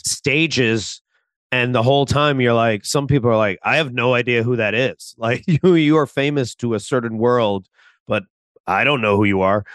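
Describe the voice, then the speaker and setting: A man's voice: medium pitch, moderate pace, no echo, clean studio sound. A man co-hosting a podcast, chatting casually and animatedly about a TV episode. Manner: animated, acts out quotes, laughs. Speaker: podcast co-host. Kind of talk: casual chat about a TV show.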